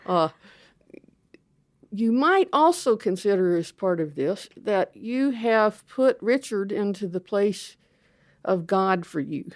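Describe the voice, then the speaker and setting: A woman's voice: medium pitch, expressive, slow pace, dry recording, studio quality. A woman voicing a group of old desert monks who patiently coax her, speaking kindly and persuasively. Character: gentle coaxing old desert monks, male.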